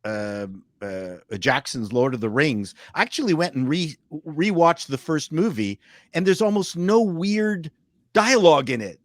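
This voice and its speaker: Animated male panelist with a lively, fairly high voice, dry close mic; laughs and restarts a lot. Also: a little slow, dry recording. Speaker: podcast panelist. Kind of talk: casual panel chat.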